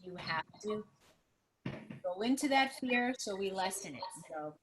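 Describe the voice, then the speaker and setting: A middle-aged woman co-hosting a talk, reading questions and affirmations aloud slowly and earnestly. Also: medium pitch, animated, background noise. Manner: earnest, reads slowly with emphasis. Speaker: adoption professional and co-host.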